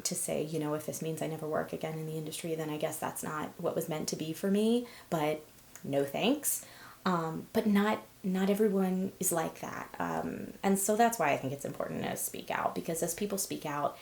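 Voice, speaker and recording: A woman's voice: sits low, gravelly, darkish tone, roomy sound. A young woman telling personal stories in a candid, conversational way, with frequent fillers and short laughs. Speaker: host. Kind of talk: personal storytelling vlog.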